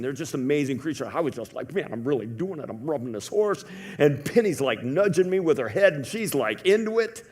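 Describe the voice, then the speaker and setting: A man preaching a sermon in a church, telling a story in a conversational way, swinging from hushed to loud. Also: fairly high pitch. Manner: conversational with many fillers. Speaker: pastor.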